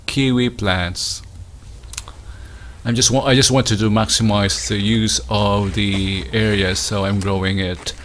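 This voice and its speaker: A man from the Philippines giving a casual walking tour of his winter garden outdoors, unhurried and hesitant, with many fillers and restarts. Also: lowish voice, fairly even intonation, fairly bright tone, slight background noise.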